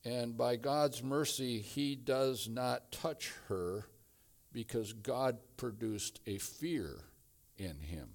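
A man preaching a sermon, slow and emphatic, building to repeated phrases. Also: medium pitch, gravelly. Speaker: pastor.

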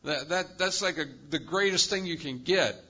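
A male pastor preaching a sermon with emphatic delivery, swinging between loud, high-pitched bursts and quiet, low drops. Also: moderate pace, highs cut off. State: lives with chronic pain.

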